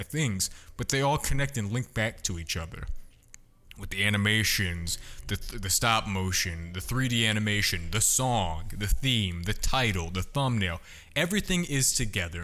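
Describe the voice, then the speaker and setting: A man's voice: lowish voice, animated, normal speed, a bit bright. A young man talking casually as a podcast guest, brash, boastful and full of swearing. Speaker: podcast guest, content creator.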